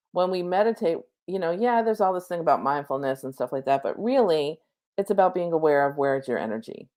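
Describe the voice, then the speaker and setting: A woman with a low-pitched voice talks as a spiritual coach in a relaxed, chatty way. She reassures her listeners and checks in with them often, sometimes slowing right down to count out a breathing meditation. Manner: gentle, chatty, reassuring, with many asides. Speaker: spiritual coach giving an oracle card reading. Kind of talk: casual spiritual guidance talk.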